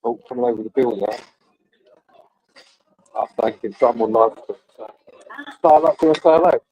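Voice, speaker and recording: A man's voice: mid-range voice, normal speed, slightly rough, lo-fi sound. A man chatting casually and rambling to live-stream viewers from a cafe.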